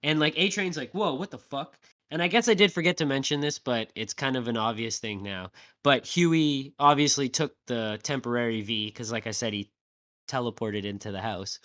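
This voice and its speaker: A man co-hosting a podcast, recapping a TV episode in a casual, animated way, swearing often and tagging "right?" onto his sentences. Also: medium pitch, moderate pace. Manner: animated, swears a lot, acts out quotes; tag questions like "right?". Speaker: podcast co-host.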